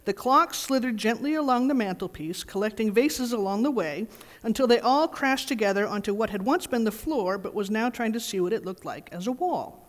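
A woman's voice: fairly high pitch, brisk. Woman reading a story in a reverberant church. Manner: gentle, expressive storytelling. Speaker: pastor giving a children's message. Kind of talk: reading a storybook aloud to children. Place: church sanctuary.

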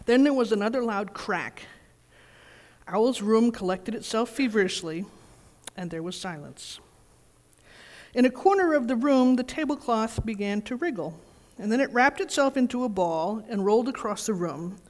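A woman leading a children's message in church, reading a storybook aloud in a gentle, expressive way. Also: on the high side, moderate pace. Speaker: pastor giving a children's message. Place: church sanctuary. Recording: reverberant church hall.

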